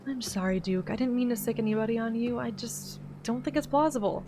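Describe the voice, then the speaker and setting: A woman's voice: fairly high pitch, brisk, music in the background, natural voice. A woman voicing an eager young woman who hunts monsters on video, in a voiced-over game, earnest and pleading.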